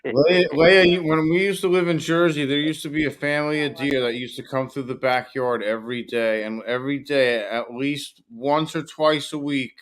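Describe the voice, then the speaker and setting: A man on a group call talks through a story in a chatty way, with quick asides, at a middle pitch. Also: steady tone. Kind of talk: casual group voice chat.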